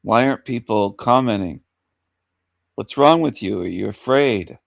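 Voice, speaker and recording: Gravelly-voiced man hosting a live stream. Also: on the low side, animated, measured pace, dry recording, studio quality. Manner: repeats greetings, coaxing silent viewers. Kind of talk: casual live stream chat. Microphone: desk mic.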